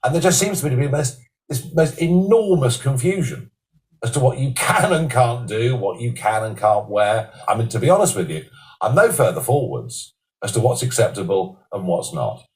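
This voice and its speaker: A man's voice: mid-range voice, very animated, moderate pace, darkish tone. A man in his fifties talking casually as a reality show contestant, stammering and hesitant, then emphatic. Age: 50s. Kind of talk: casual conversation.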